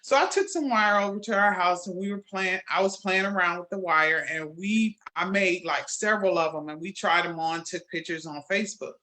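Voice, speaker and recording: Woman who makes jewelry chatting about her work, bright clear voice, lots of back and forth in her own stories. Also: lowish voice, normal speed, hardly any pauses. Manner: animated storyteller, acts out quoted exchanges. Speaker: jewelry maker, guest. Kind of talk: conversational interview.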